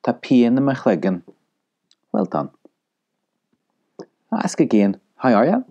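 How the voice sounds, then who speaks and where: A man's voice: mid-range voice, sing-song, takes it slowly, mellow, highs cut off. A man teaching an audio language lesson, patiently repeating phrases for the listener to echo.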